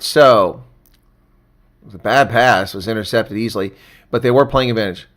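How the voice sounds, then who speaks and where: Guy doing a laid back rugby watch-along stream, mid pitched voice, gets loud on big plays. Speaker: live stream commentator. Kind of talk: live reaction commentary.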